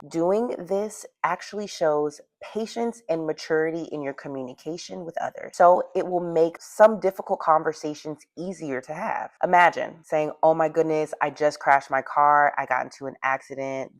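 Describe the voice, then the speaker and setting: A woman with a naturally deep voice, a dating and relationship coach giving advice in a slow, deliberate, softened way. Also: no room sound. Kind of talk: advice video.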